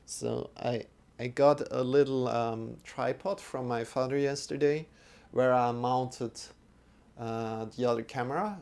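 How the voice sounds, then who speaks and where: A male yoga teacher talking through a live-streamed lesson in an unhurried, easygoing way. His voice is smooth and clean, sitting at an ordinary middle pitch. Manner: relaxed, chatty, greets viewers by name; slow, drawn-out mantra chanting.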